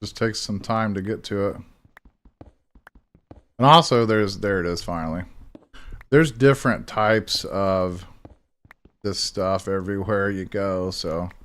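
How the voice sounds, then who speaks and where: A man's voice: low-pitched, a little slow, long pauses, fairly bright tone. A young man casually talking through his gameplay as the host of a gaming channel, rambling and chatting to himself as he plays. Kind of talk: casual let's-play commentary.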